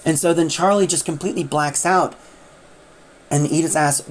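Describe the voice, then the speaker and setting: A woman's voice: low-pitched, steady tone, moderate pace, a little hiss or hum. A woman casually retelling a drama's plot, rambling with many fillers. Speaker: audio drama recapper.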